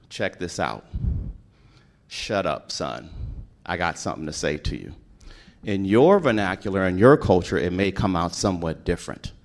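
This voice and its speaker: A man in his sixties preaching a folksy, emphatic sermon about fathers. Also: on the low side. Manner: emotional, pauses to compose himself.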